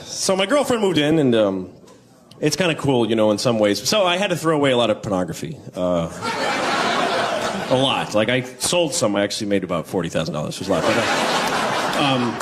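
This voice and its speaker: A man doing stand-up comedy, deadpan between sudden silly voices. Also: mid-range voice, brisk. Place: comedy club stage. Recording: noisy club with audience laughter. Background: crowd laughing.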